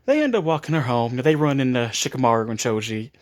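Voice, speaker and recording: A man's voice: mid-range voice, big pitch swings, fast. Rambling man telling a story. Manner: rambling, with frequent restarts and chuckles. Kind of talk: casual improvised story retelling.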